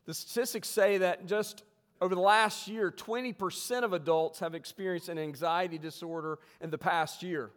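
Male pastor, slightly higher voice, relaxed humorous sermon delivery, reverberant church hall. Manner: humorous, conversational preaching with slow emphatic scripture reading. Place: church sanctuary.

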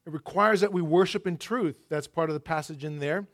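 A middle-aged man preaching a sermon, telling stories and swinging between loud emphasis and hushed asides. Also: a little high, a little fast. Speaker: pastor.

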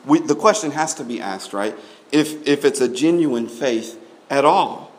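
A man's voice: medium pitch, animated, unhurried. A man preaching a sermon to his congregation, emphatic and full of rhetorical questions, often repeating words as he builds a point. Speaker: pastor.

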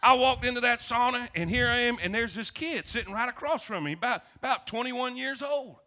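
A pastor, preaching a sermon and telling stories with emphasis and humor. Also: male voice, very high voice, fairly quick, pushed and bright.

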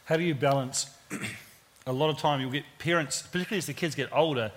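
A man's voice: fairly high pitch, a little fast. A man moderating a panel, asking probing questions and repeating them to press the point.

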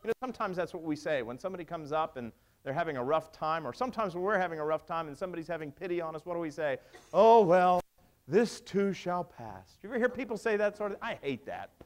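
A man's voice: a little high, animated, racing. A male pastor preaching a sermon, emphatic and wry, asking the congregation rhetorical questions. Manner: wry humor.

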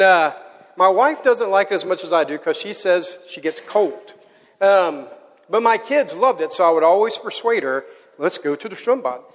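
A man preaching to a live audience, telling a story with animated energy and getting the crowd to join in. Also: fairly high pitch. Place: large hall. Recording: hall with long reverb.

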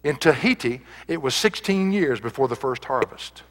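A man's voice: mid-range voice, lively intonation, normal speed, long reverb tail. A male pastor preaching a sermon, reading scripture aloud and building to emphatic peaks.

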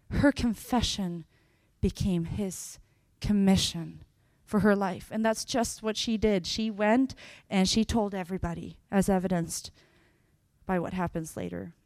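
A woman preaching a sermon, telling Bible scenes with lively voices and slowing down on key phrases. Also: medium pitch, no room sound, clean studio sound. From Sweden. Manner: expressive, acts out scenes with sudden loud bursts.

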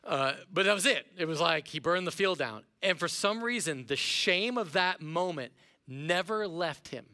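A middle-aged male pastor preaching a sermon in a playful, animated way, acting out voices of his listeners. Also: fairly high pitch, moderate pace. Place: church auditorium.

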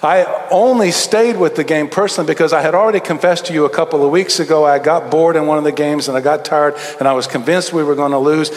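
A middle-aged pastor preaches in a sanctuary with a long, ringing reverb. His voice sits fairly high, and he tells stories, dashing through asides and then slowing down to lean on key words. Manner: storytelling, swings between quick asides and slow emphatic phrases. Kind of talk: sermon. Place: church sanctuary.

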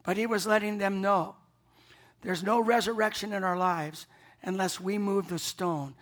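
A man's voice: high-pitched, fairly even intonation, moderate pace, a bit bright. Earnest preacher man mid-sermon. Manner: earnest, emphatic, repeats himself when building a point. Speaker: pastor. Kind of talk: Easter morning sermon.

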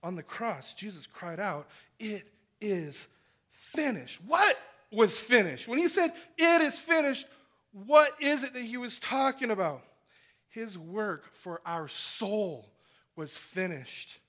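A man preaching a sermon in an earnest style, rising to loud emphasis and dropping to hushed, near-whispered lines. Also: sits high, very animated, takes it slowly. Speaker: pastor.

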